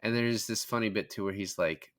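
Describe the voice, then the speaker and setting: A man's voice: fairly low pitch, a little fast, a bit bright. A young man co-hosting a casual film review podcast, retelling scenes with lots of swearing and fillers. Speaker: podcast co-host.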